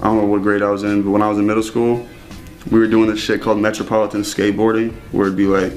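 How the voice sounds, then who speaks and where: A man's voice: on the low side, level tone, fast, a little mellow, soft background music. Profane, rambling young man. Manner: profane, rambling, laughs often. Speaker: interview guest. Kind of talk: casual storytelling.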